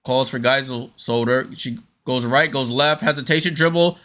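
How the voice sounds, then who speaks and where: A man hosting a casual fan watchalong, calling the game play by play with frequent fillers and sudden jumps of excitement on big plays. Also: medium pitch, measured pace. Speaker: host.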